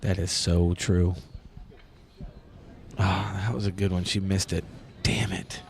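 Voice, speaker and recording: A man's voice: low-pitched, flat delivery, measured pace, darkish tone. A man hosting a podcast in a casual chat, teasing his guest and swearing freely. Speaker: podcast host.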